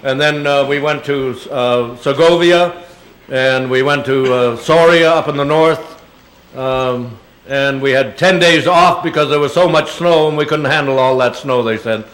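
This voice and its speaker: Speaking a little slowly in a mid-range, fairly bright voice, an older man takes audience questions as a guest speaker. His replies wander into chuckle-filled stories thick with fillers, and the public Q&A is captured with echoey hall acoustics.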